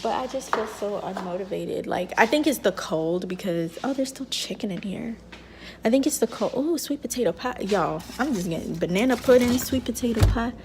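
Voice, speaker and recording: A woman's voice: medium pitch, noisy background. A young woman vlogging casually while she cooks breakfast at home, rambling with lots of fillers. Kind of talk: casual vlog chat. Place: home kitchen.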